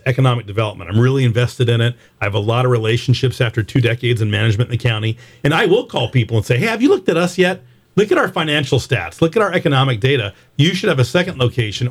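Man, radio interview guest, earnest, animated, mid-range voice. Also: mid-range voice. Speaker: guest, city manager.

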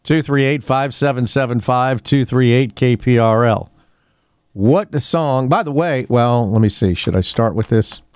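A man's voice: medium pitch, unhurried, a little mellow, clean tone. A man hosting a casual local radio show, chatting in a rambling way with many fillers and restarts. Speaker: radio host. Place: radio studio.

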